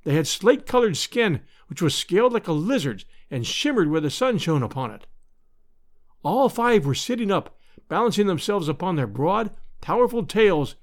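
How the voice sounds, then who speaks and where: A man narrating an adventure audiobook in a measured, expressive storytelling manner. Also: high voice. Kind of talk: scripted narration.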